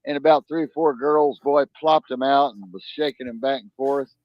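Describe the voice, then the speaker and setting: A man telling long rambling stories and jokes in casual chat, jumping into high voices when he quotes people. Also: a little fast, hardly any pauses, dry recording. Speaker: co-host. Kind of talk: casual storytelling and joke telling. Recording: dull lo-fi sound.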